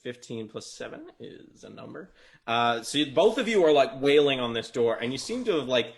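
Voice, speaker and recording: A man's voice: medium pitch, very animated, moderate pace, vocal fry. A man running a tabletop game as dungeon master, narrating loosely with lots of fillers and restarts.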